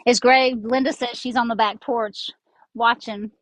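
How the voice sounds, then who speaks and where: A woman's voice: a little high, steady tone, moderate pace, a little hiss or hum, rough recording. A woman with a Southern accent chatting casually while she makes a craft, rambling as she works with her hands and a bit congested. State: congested from sinuses. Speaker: craft host. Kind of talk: casual craft tutorial chat. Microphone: earbud mic.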